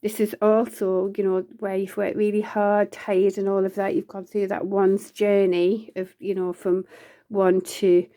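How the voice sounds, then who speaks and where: A woman's voice: mid-range voice, level tone, a little slow, mellow. A woman giving a casual, rambling tarot reading, full of fillers and restarts. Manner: laughs often between lines. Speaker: tarot reader.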